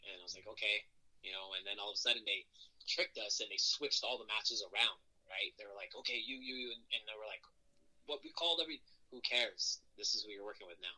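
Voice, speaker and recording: Man, lowish bright voice, animated storyteller, interview guest. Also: fast talker, rough recording. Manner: animated, acts out quotes in raised voices. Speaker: wrestler guest.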